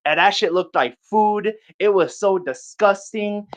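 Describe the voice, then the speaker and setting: Animated young man telling a wild story. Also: sits high, a little slow. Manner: animated, profane, quotes friends in short bursts. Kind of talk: casual storytelling.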